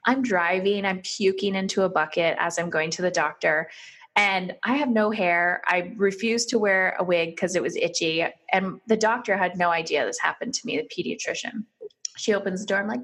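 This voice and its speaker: A woman's voice: medium pitch, normal speed, a bit bright. A woman on a podcast, candidly telling her own story and quoting herself and others in dialogue.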